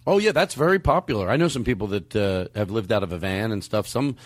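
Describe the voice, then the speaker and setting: A man's voice: fairly low pitch, lively intonation, quick pace, no room sound. Rambling, cussing man in a dry room. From Philadelphia. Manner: rambling, swears a lot, laughs through his words. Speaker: comedy podcast co-host. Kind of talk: casual banter, asking questions.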